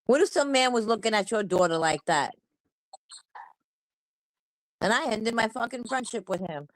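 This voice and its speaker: Woman, fired-up rant, higher voice, dry close sound. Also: expressive, moderate pace, dry recording, poor audio. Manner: angry, blunt, heavy swearing. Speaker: livestream host. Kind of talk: heated commentary rant.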